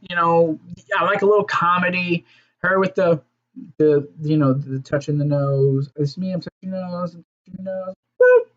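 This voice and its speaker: A man's voice: sits high, muffled recording. A man giving a casual, rambling solo review of a wrestling show, swearing freely and trailing off into fillers. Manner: profane, rambling, fillers and restarts.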